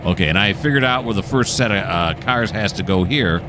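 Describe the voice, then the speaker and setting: A low-pitched man talks his way through a railroad game in a relaxed, meandering way, often stopping to correct himself. A faint noise floor sits under his voice. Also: fairly quick. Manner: rambling, self-correcting, chatty. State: hiccuping. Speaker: gameplay host. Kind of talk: casual game commentary.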